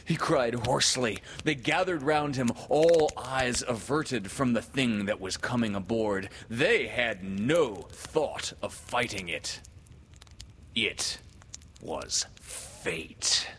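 A man reading a classic children's story aloud in a slow, hushed, dramatic manner, then thanking listeners. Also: mid-range voice, lively intonation, slight background noise.

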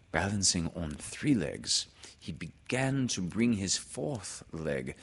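A man narrating a storybook aloud in an unhurried, expressive way. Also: low voice, vocal fry. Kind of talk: storybook reading.

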